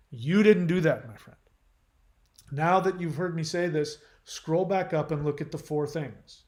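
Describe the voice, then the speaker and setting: A man's voice: a little high, a little slow, a little mellow, reverberant. A man hosting his channel, reading viewer comments aloud and answering them in a blunt, lecturing way.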